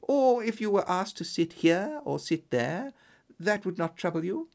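A hearty, coaxing gentleman, as a reader puts him on. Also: medium pitch, big pitch swings, unhurried, gravelly. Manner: jovial and coaxing. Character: hearty, eager middle-aged gentleman employer. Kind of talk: storybook reading.

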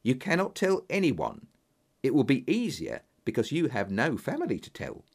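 A man's voice: mid-range voice, wildly swooping pitch, normal speed, husky, heavily acted. A man voicing a thin, secretive male colonel with a slight German accent, asking insistent, probing questions. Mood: guarded.

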